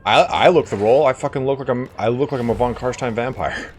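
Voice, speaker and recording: A man's voice: medium pitch, fast talker, darkish tone. A man hosting a gaming video, giving loose, rambling let's-play commentary, swearing freely and chuckling often. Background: faint game music.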